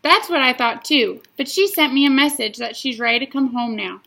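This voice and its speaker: A woman reading a calm, patient storybook mom. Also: high-pitched, fairly quick, vocal fry, exaggerated voice. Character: patient, tired mother.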